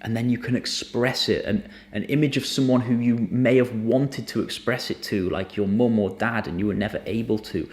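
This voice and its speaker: A man teaching somatic emotional release in a gentle, earnest, unhurried way, sometimes dropping almost to a whisper. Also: mid-range voice, steady tone. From United Kingdom. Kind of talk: reflective spoken teaching to camera.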